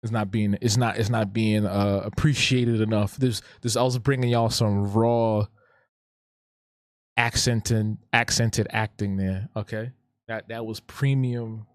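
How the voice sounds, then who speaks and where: A man's voice: lowish voice, steady tone, unhurried, dry recording, studio quality. A man hosting a live drawing stream, chatting casually in a laid-back, slangy way and often repeating his phrases. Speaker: live-stream host and artist.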